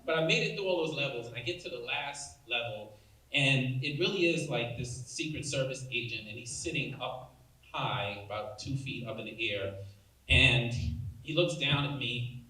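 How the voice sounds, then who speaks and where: A man in his forties, a national speaker on prison reform, gives a keynote telling a personal story and voicing its characters. He's an animated storyteller who says "like" a lot, with a medium-pitched voice at a moderate pace. The audio is roomy and distant, with faint hiss.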